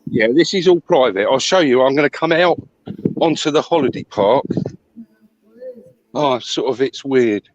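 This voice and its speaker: A man out of breath, chatting in a rambling, halting way while walking outdoors, talking into a phone. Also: medium pitch, expressive, dull audio. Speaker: stream guest. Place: outdoors at a holiday park.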